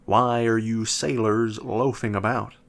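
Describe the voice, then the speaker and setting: A man doing a gruff growling old pirate. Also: on the low side, flat delivery, unhurried. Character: gruff old male pirate instructor, surly.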